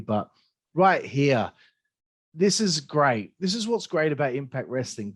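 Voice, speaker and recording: A man giving a blunt, profanity-heavy solo review of a wrestling show, excitable and opinionated. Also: medium pitch, dry recording. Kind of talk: casual solo review monologue.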